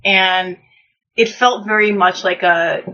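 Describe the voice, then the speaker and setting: A woman in casual chat, recapping a live-action game in a measured, matter-of-fact way. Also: mid-range voice, steady tone, sharp tone. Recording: dull lo-fi recording with faint noise.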